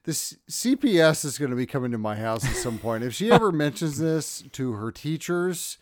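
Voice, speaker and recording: A man co-hosting a casual podcast, drunk, loud and crude, laughing often. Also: on the high side, very animated, normal speed, no echo, clean studio sound. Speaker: podcast co-host. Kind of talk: casual chat.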